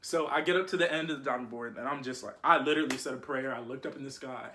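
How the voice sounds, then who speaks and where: A young man telling a story to his viewers in a casual, slangy, animated way. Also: medium pitch, fast, slight background noise. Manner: slangy, animated, keeps saying "you feel me".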